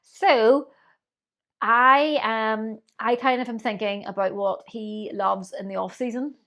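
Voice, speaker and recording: A woman's voice: fairly high pitch, fairly even intonation, slow, bright, forceful tone. A woman co-hosting a podcast in casual chat, musing aloud in a playful way. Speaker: podcast co-host.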